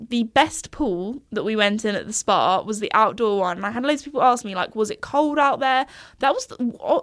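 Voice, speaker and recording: A woman's voice: medium pitch, fairly bright tone. A young woman hosting a podcast, chatting casually in a rambling way and laughing often. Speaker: podcast host. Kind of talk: casual chat.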